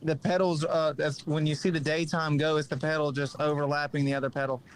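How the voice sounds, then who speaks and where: Higher-voiced guy, dead flat delivery, deadpan jokes on a stream call, bit of hiss. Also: fairly quick. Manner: deadpan joking. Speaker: viewer joining the stream. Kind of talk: casual live-stream chat.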